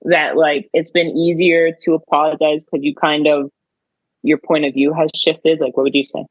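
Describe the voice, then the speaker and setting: A woman's voice: low voice, flat delivery, normal speed, no echo, narrow, tinny audio. A woman co-hosting a podcast in casual chat, telling stories with laughter. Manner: laughing, chatty storytelling. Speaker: podcast co-host.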